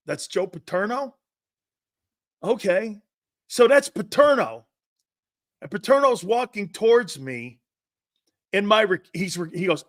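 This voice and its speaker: A man in his fifties hosting a sports talk show, telling rambling, animated anecdotes with many restarts. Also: high voice, takes it slowly, pauses often, no room sound, studio quality. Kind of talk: casual storytelling and show hosting.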